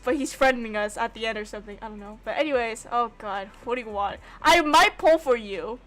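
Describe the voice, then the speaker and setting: An excitable young woman streaming a game, gushing and swearing freely as she plays. Her voice is high, and soft background music runs faintly behind her casual commentary. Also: fast.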